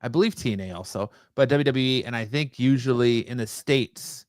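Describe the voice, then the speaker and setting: A man hosting a live wrestling chat show, relaxed and joking as he explains the news. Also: medium pitch, a little fast, no echo. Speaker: podcast host. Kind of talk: casual live-stream chat.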